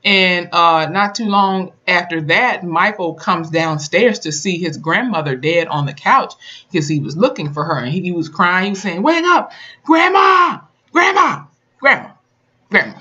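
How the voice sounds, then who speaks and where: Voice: mid-range voice, normal speed, highs cut off. Sassy, profane TV recap vlogger. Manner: animated, profane, chatty retelling with sassy asides. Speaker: TV episode reviewer. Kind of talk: casual recap vlog.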